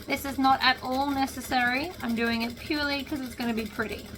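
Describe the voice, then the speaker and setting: A woman with a high, steady voice talks a little fast over a noisy background while a sewing machine runs. She hosts a relaxed sewing tutorial, chatting and muttering to herself as she stitches, cheerfully pleased and enthusiastic about her work.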